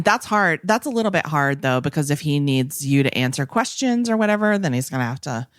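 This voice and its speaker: A woman's voice: deep voice, no room sound, clean studio sound. A woman co-hosting a podcast, casually telling stories and acting out what people said. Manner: chatty storyteller, acts out quotes. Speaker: podcast co-host. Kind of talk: casual chat.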